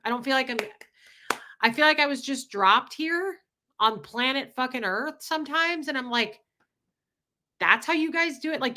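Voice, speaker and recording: A woman chatting live to her viewers in a bright, tense voice that sits a little high. She rambles and swears freely as she vents her frustrations, reading and thanking super chats as she goes. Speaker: livestream host. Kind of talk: casual livestream chat.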